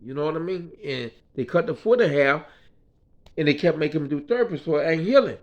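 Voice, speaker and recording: In a casual, meandering story, a man describes his time in the hospital from the patient's perspective, frequently tossing in "you know what I mean." He's a vlogger sharing something personal from a hospital room, his voice on the high side with lively intonation and a fairly quick pace. Sound quality is dull and lo-fi.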